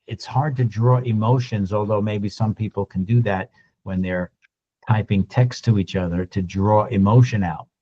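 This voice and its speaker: A man giving a lunch-and-learn sales talk, animated and acting out little dialogues as he goes. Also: fairly low pitch, normal speed, slightly rough, highs cut off. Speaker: sales trainer.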